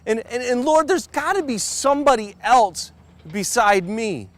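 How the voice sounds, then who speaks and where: A man's voice: very high voice, animated, unhurried, dry recording, voice pushed up. A man voicing Moses as a hesitant, self-doubting figure who stammers and pleads with God, told as a retelling in a sermon. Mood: pleading.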